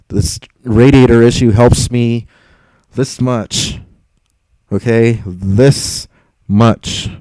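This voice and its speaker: A frustrated young man rambles through a live stream, answering his chat and tripping over repeated words. His voice is dark and smooth, recorded dry and close. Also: lowish voice, no room sound, low-quality recording.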